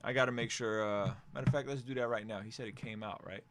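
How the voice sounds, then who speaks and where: A man's voice: mid-range voice, quick pace, background noise. Upbeat man hosting a music review. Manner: upbeat, joking, excitable. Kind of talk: casual review commentary.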